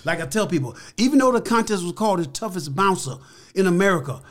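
Older male guest, high-pitched, emphatic, animated storyteller who voices his quotes. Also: fast talker. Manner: emphatic, repeats key words. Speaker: interview guest. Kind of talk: storytelling in a podcast interview.

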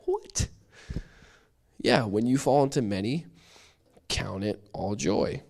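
A man teaching a church Bible study, conversational and lively, acting out little quoted voices as he explains. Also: lowish voice, measured pace, vocal fry.

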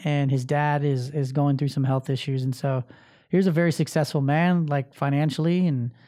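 On camera for his podcast and coaching show, a man talks at a moderate pace in a fairly high, warm voice that stays steady. He's giving an informal motivational monologue, swearing openly and hammering points by repeating them.

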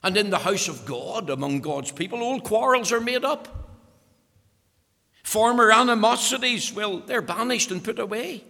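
A man delivers a sermon in a high, gravelly voice. He preaches earnestly, stressing his points and repeating words. His voice rings through a church hall with a long reverb. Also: sharp tone.

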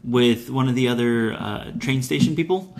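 A man co-hosting a podcast, recapping a movie in casual chat, animated and a bit crude. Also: mid-range voice, normal speed, vocal fry. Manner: animated, swearing, playful voices in retellings. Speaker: podcast co-host.

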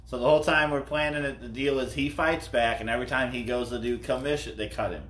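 A man's voice: mid-range voice, fairly even intonation, fast, fairly bright tone. Easygoing guy telling a story, mid voice, echoey room, faint background hiss. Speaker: podcast co-host. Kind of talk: casual storytelling chat.

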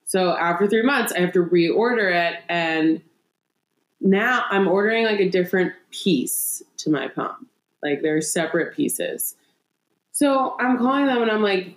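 A woman's voice: mid-range voice, unhurried. A young woman co-hosting a podcast, venting in casual chat, exasperated and swearing as she acts out phone calls. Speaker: podcast co-host. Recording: roomy echo.

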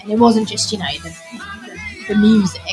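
A woman's voice: fairly high pitch, very animated, normal speed. Enthusiastic woman chatting about music. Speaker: podcast co-host. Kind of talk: casual chat.

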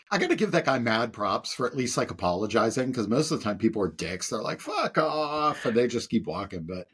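A man's voice: lowish voice, big pitch swings, brisk, fairly bright tone, husky. An easygoing young man co-hosting a podcast, chatting casually and swearing now and then. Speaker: podcast co-host. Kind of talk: casual chat.

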